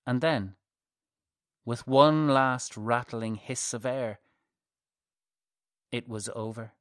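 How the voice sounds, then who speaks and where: A man reads his own story aloud in a measured, softly dramatic narration. He takes his time, at an unhurried pace. The recording is dry and close, with no room sound. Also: mid-range voice, no echo.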